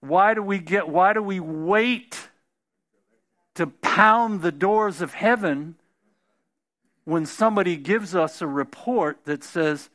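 A man's voice: high-pitched, slow pace, fairly bright tone. A man preaching a sermon in a conversational way, often restarting phrases and building to emphatic peaks.

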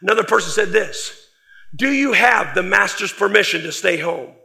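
A man preaching a sermon, emphatic, with loud stressed words that drop to quiet trailing phrases. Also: high-pitched, lively intonation, moderate pace, gravelly.

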